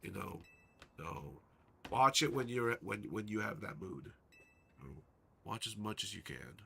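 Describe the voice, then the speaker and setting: A man's voice: fairly low pitch, animated, a little slow, gravelly, pushed and bright, slight background noise. A young man chatting casually on a live stream, rambling and answering viewers' chat messages. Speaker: livestreamer. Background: faint background music.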